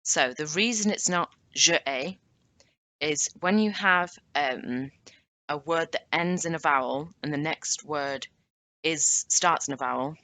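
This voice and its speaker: Bright-voiced low-pitched woman teaching. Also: dry recording. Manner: chatty, self-correcting, drawn-out French examples. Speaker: language teacher. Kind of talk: casual video lesson.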